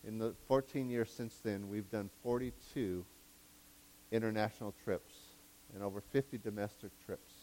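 A man preaching a sermon, excitable, swinging between loud fervent bursts and quiet asides, laughing at his own jokes and backpedaling on his wording. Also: fairly low pitch, normal speed.

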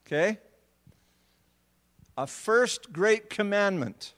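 Male preacher, sermon delivery, slightly high voice, unhurried, leans hard on key words. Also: animated, a bit bright, big-room sound. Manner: building to emphatic, drawn-out words on key points; repeats words as he restarts phrases.

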